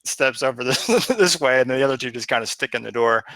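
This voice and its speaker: A man narrating a tabletop game as game master, with halting, filler-heavy narration. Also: mid-range voice, animated, sharp tone, no echo.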